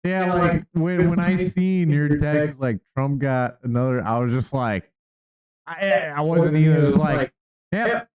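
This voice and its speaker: A man's voice: on the high side, measured pace, a little mellow. A man co-hosting a podcast, talking in a rambling, playful way with frequent restarts. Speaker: podcast co-host. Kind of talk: casual podcast chat.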